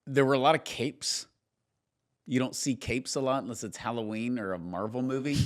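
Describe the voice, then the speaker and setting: A podcast host with a mid-range voice talks at a normal speed in a casual, chatty way. He's an animated storyteller who tosses in jokey asides.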